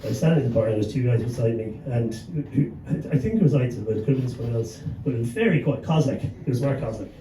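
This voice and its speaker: An Irish man tells a story to a panel audience, swearing freely and chuckling as he goes. He sounds far from the mic in an echoey pub room, with a steady hum of background noise. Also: mid-range voice, fast, hardly any pauses. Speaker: panelist, gig promoter. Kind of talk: anecdotal storytelling on a live panel. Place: pub venue with a live audience.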